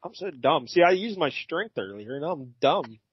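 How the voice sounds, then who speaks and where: A man's voice: a little high, sing-song, moderate pace, breathy edge, no echo. A man co-hosting a podcast, recapping a comic in a rambling, self-mocking casual chat and laughing often. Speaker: podcast co-host. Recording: dull lo-fi podcast audio.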